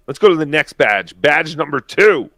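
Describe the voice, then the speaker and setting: A man's voice: on the high side, big pitch swings, moderate pace, a bit bright, a little hiss or hum. A man co-hosting a casual legal commentary chat, playful and hesitant with many fillers. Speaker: co-host.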